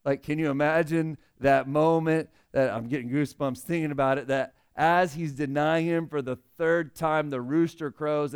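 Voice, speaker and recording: A young male pastor preaching a sermon in an earnest, conversational way, rising loud on emotional points. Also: a little high, clear, resonant tone.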